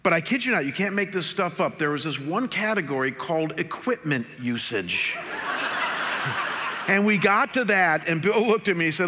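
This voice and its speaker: Animated storytelling pastor in reverb. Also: male voice, a little high, normal speed. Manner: animated storyteller, acts out quotes. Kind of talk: sermon with personal story. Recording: long hall reverb.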